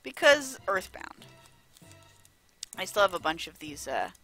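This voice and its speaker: A woman's voice: medium pitch, very animated, measured pace, long pauses, pushed and bright. A woman streamer giving casual, rambling gameplay commentary, full of fillers and asides, on a close desk mic. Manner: chatty, rambling, with lots of fillers. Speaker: let's play streamer. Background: faint game music.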